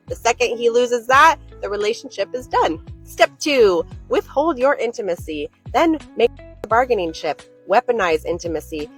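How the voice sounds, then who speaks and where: A woman in a mid-pitched voice lays out her advice step by step, crisp and pointed. Light music sits under her voice. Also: fairly bright tone. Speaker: relationship advice creator. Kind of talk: scripted advice monologue.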